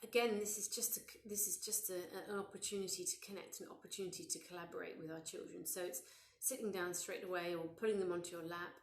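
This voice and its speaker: A woman in her thirties giving a live parenting session, gentle and conversational, with many fillers and restarts. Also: fairly low pitch, fairly even intonation, quick pace, few pauses, echoey room, slight background noise. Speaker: parenting educator.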